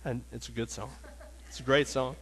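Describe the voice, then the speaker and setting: A man teaching a casual Bible lesson, earnest and emotional, talking in a halting way with many restarts and fillers. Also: mid-range voice, little pitch movement, fairly bright tone, slight background noise.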